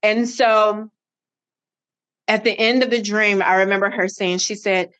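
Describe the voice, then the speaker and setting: A middle-aged woman, a podcast guest, telling a personal story with lively acted-out dialogue. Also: mid-range voice, unhurried, long pauses, smooth. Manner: animated, acts out quoted dialogue.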